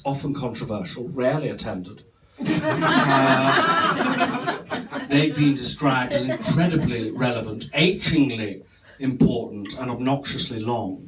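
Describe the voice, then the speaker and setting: A man playing a vain, rambling older actress on stage. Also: medium pitch. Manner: rambling, self-absorbed, theatrical with deadpan asides. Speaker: character comedian. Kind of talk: live stand-up character comedy. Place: comedy club stage before a live audience. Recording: distant mic, loud room noise.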